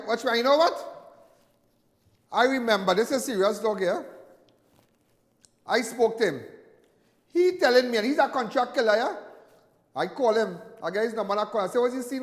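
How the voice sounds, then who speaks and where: A middle-aged man with a Trinidadian accent hosting a live call-in crime talk show, animated and emphatic, often repeating phrases for effect. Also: extremely high pitch, moderate pace, long pauses, long reverb tail. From Trinidad and Tobago.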